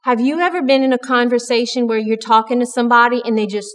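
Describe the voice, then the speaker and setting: A woman's voice: on the high side, steady tone, fast talker, long reverb tail. A woman giving an earnest, conversational devotional talk at church, with frequent restarts. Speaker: church speaker.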